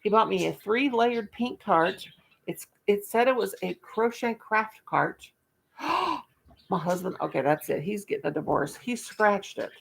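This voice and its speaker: A woman's voice: medium pitch, normal speed, gravelly. An older woman, hosting a casual livestream chat with viewers, folksy and self-mocking, laughing at her own jokes. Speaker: livestream host.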